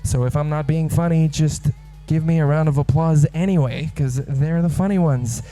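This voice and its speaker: A young man works as master of ceremonies at a live comedy night. His voice is a little higher than most men's, with a warm, mellow tone, and he jokes easily and builds the crowd's excitement. Faint music sits under his voice. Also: moderate pace, poor audio. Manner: playful, hypes the crowd, loud and rising when introducing acts. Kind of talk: emceeing a comedy show. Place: live comedy venue with audience.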